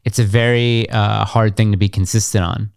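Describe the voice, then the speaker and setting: A man's voice: fairly low pitch, little pitch movement, moderate pace, vocal fry, smooth, no room sound. Blunt, sarcastic young man on a podcast. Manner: blunt, sarcastic, acts out other people's lines. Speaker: podcast co-host. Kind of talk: casual chat. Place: podcast studio.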